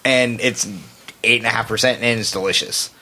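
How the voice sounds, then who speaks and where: Bright-voiced man telling a story. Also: mid-range voice, steady tone, moderate pace, creaky. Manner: loose and profane, quotes himself in raised voice. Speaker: podcast co-host. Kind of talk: casual chat, telling a story.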